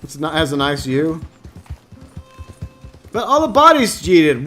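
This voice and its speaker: A man's voice: on the high side, big pitch swings, slow, pauses often, bright, forceful tone, faint music behind. A man chatting casually during a live game stream, answering viewers and joking in a mock-whiny way.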